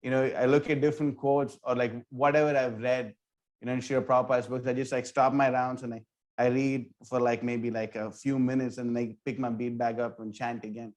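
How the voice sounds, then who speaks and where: A man who leads a temple's book distribution team tells a story in a casual interview, talking in an animated way, full of "like" and "you know". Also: medium pitch, brisk. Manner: animated, filler-heavy, with many "like" and "you know".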